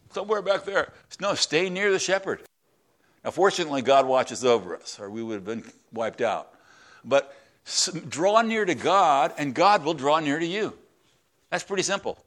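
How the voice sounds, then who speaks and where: A male pastor delivers a sermon in a conversational style, his medium-pitched voice stopping and restarting haltingly and sinking at times into quiet, prayerful tones.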